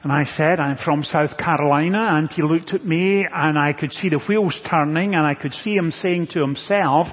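High-voiced pastor in an echoing sanctuary. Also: male voice, moderate pace, few pauses. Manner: earnest, builds to emphatic repetition. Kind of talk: sermon. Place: church sanctuary. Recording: dull lo-fi audio with long church reverb.

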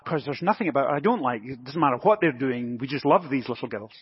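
A man preaching a sermon as pastor, telling a light, gently humorous story before moving into scripture. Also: mid-range voice, lively intonation, fast, slightly rough. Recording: dull recording with long church reverb.

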